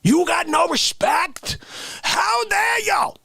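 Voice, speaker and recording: A man playing an indignant old-school Bronx man, ranting in a comedy bit, swinging from shouts to whispers. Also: high voice, very animated, unhurried, creaky, husky, no echo, full character voice. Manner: ranting, exasperated, jumps from shouts to hushed whispers.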